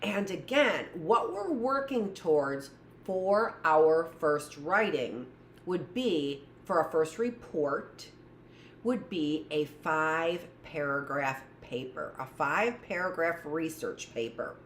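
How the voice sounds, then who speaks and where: Woman teacher, live lesson for kids, loud voice, rambling asides, echoey room. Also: sits low, expressive, slow, a little hiss or hum. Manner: rambling, joking asides to herself. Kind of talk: livestreamed lesson for young children.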